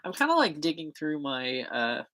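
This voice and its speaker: A woman with a low voice that leaps up and down a lot chats on her livestream while she works at her desk. She rambles, laughs often and keeps stopping to correct herself. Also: sing-song, moderate pace, a bit bright, rough recording. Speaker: livestreaming zine maker. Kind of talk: casual rambling livestream chat.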